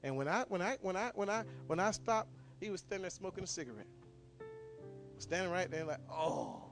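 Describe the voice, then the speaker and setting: Earnest pastor praying over guitar. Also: male voice, high voice, animated, a bit bright. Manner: earnest, repetitive, halting with restarts. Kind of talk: prayer and sermon storytelling.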